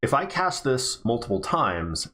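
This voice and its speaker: Slow, lively low-voiced male player. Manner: hesitant, halting with ums. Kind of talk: tabletop game livestream chat.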